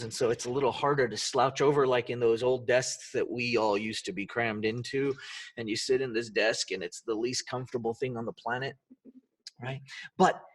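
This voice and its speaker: Man, motivational podcast host, emphatic, rhetorical, husky, bit distant from mic. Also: medium pitch. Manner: energetic, emphatic, rhetorical questions. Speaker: podcast host and dance coach.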